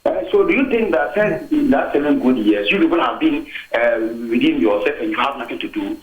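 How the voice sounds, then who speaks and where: A man's voice: medium pitch, animated, brisk. A man calling in to a talk show, making his point emphatically with rhetorical questions. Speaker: phone-in caller. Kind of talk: call-in comment. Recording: echoey tinny phone line.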